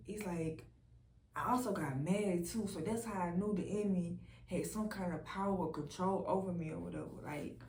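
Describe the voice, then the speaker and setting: A young woman shares an emotional personal testimony in a candid, blunt way, swearing freely and often sinking into a soft, low voice. She sits some distance from the microphone, so her voice carries a roomy echo, with a faint hum of room ambience behind her.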